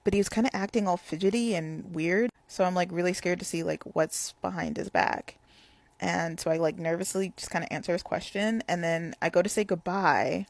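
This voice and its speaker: Gravelly young woman telling a story. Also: on the low side, brisk, dry recording. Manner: rambling, full of "like" fillers. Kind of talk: casual storytime.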